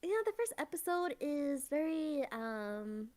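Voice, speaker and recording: A woman's voice: high voice, big pitch swings, a little slow, darkish tone. A woman hosting a casual anime review podcast, retelling an episode in a rambling way with lots of filler words. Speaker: podcast host.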